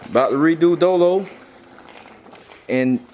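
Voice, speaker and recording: A man's voice: on the high side, unhurried, a little mellow, slight background noise. Laid-back man hyping his car plans. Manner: laid-back, repetitive, hype talk with slang. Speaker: car vlogger. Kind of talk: casual vlog talk.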